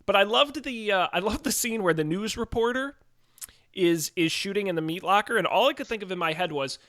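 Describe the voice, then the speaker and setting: A man co-hosting a casual movie podcast, telling jokey stories in an animated way. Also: high voice, a little fast, dry recording, studio quality. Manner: animated, joking storyteller. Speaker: podcast co-host.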